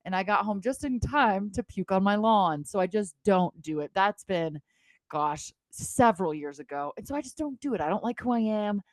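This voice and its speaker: A woman in her thirties co-hosting a podcast in casual chat, animated and joking, quick to tease. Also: mid-range voice, no echo. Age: 30s. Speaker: podcast co-host.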